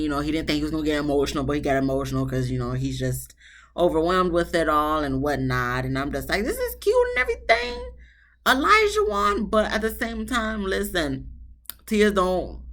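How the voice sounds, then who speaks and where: A woman giving a casual, blunt and animated review of a reality show, sassy and full of asides. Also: sits low, moderate pace.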